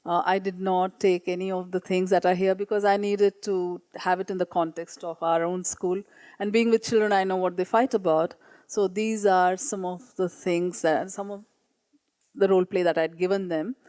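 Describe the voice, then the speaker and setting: A woman's voice: lowish voice, little pitch movement, normal speed, mellow, dry recording. A woman teacher presenting classroom work at a meeting, earnest and hesitant, reading pupils' writing aloud. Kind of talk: conference presentation. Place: meeting room.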